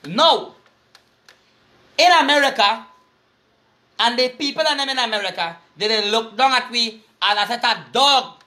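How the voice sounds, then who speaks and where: A man's voice: sits high, sharp tone. A man with a Trinidadian accent ranting angrily in a profane, repetitive video monologue, with faint music behind him.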